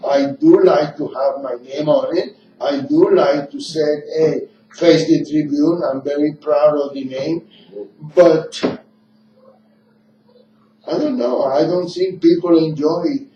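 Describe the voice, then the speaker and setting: Slow, rambling male radio host, non-native. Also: on the high side, dark tone, roomy sound, a little hiss or hum. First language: not English. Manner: rambling, repeats himself, speaks slowly. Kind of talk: casual opinionated talk. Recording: dull lo-fi room sound from a distant mic.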